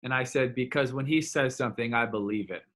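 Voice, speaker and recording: A man's voice: mid-range voice, brisk, a bit bright. A young man from Florida, a former player, recalling a decision in an interview, earnest and heartfelt. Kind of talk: reflective interview storytelling.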